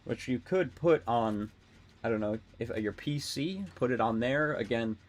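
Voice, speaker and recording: A young adult man streaming a game, rambling and excitable, swearing often and talking to his chat. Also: medium pitch, normal speed. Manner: talks to chat. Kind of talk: casual live-stream commentary while gaming.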